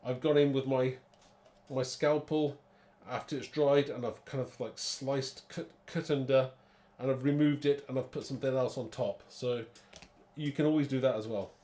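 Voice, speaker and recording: A man's voice: medium pitch, steady tone, moderate pace, mellow. A man hosting a live card-making demo, chatty and rambling, thinking aloud and laughing at his own muddles.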